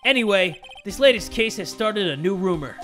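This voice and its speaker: A man's voice: sits high, lively intonation, normal speed, fairly bright tone, soft background music. Brief: man putting on a brash street-vendor woman who spills gossip, leaning in close. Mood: confiding.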